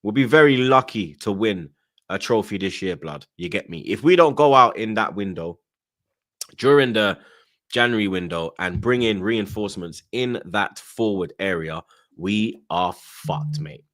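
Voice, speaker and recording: A man's voice: fairly low pitch, lively intonation, measured pace, fairly bright tone. A young man, hosting a football podcast and ranting angrily, swearing, with repeated slang tags. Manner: angry, sweary, repeats "blood" and "you get me". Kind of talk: ranting casual chat.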